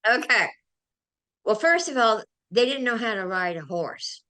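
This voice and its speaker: An older woman, a guest on a talk show, telling animated and emotional stories. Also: a little high, unhurried. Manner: animated, emotional storyteller who gets carried away. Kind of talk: anecdotal storytelling in a chat.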